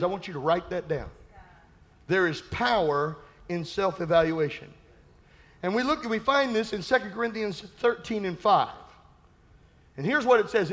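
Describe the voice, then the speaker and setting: A male pastor with a voice that sits high preaches emphatically and repetitively. He mixes in playful asides and sudden shouted peaks.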